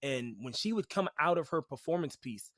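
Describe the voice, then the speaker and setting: A man's voice: a little high, normal speed, no echo. Chatty man telling stories, dry sound. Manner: animated, chatty, peppered with "like, you know". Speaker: podcast guest, rapper and teaching artist. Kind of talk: casual storytelling.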